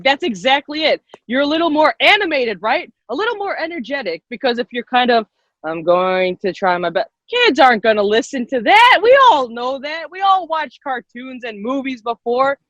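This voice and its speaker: Woman, workshop leader, high voice, quick and lively, encouraging, video call, muffled lo-fi sound. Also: dry recording. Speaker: youth public speaking workshop leader. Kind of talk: online workshop teaching. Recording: dull lo-fi video call audio.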